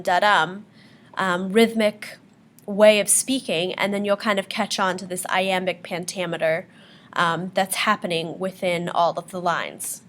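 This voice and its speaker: A woman's voice: mid-range voice, fairly bright tone. Patient woman teaching poetry terms. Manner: patient, explanatory, with frequent ums. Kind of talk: classroom lecture on poetry terms.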